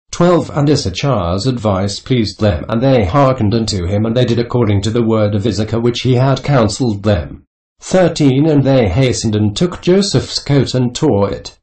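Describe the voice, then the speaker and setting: Male audiobook reader, mid pitch, steady measured scripture reading with verse numbers.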